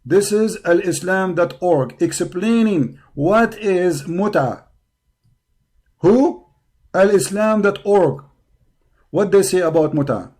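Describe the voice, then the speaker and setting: Hoarse, taunting man. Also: sits high, animated, unhurried, darkish tone. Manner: taunting, confrontational, repetitive insults. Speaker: online debate show host. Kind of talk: heated polemical monologue. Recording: live stream over a poor connection.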